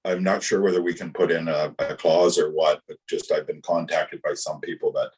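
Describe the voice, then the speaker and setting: A man with a Canadian accent speaking as a councillor at a council meeting, raising a plain, measured question. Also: rumbling low, flat delivery, darkish tone, slightly rough.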